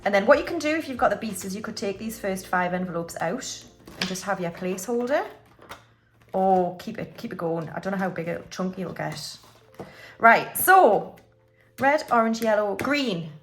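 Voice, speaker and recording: A woman's voice: medium pitch, animated, normal speed, a little hiss or hum. Chatty woman counting cash. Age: under 45. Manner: chatty, counts money aloud, asides to viewers. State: slightly unwell, clearing throat. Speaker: budgeting YouTuber. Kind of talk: casual chatty voiceover while counting cash.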